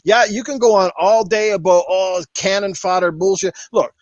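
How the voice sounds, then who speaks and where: Fired-up, foul-mouthed high-voiced man. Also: steady tone, normal speed, no echo. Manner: profane, fired-up ranting. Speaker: podcast host. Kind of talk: casual podcast rant. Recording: dull lo-fi sound, dry.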